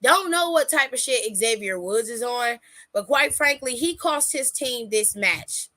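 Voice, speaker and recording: A woman hosting a podcast, recapping a wrestling show in a casual, animated way and acting out what people said. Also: fairly high pitch, a little slow, dry recording. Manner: animated storytelling, acts out quotes, laughs often. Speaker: podcast host.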